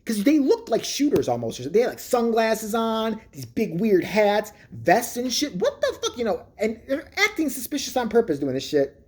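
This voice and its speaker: Swearing vlogger on an animated rant. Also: medium pitch, normal speed, hardly any pauses. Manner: crude, swearing, mocking. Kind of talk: profane comedic rant.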